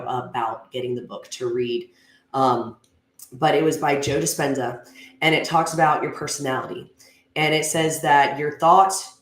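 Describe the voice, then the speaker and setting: A woman giving an earnest, conversational motivational talk at a gym, with frequent fillers like "you know" and "um.". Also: low voice. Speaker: gym speaker. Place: gym class space. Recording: echoey room.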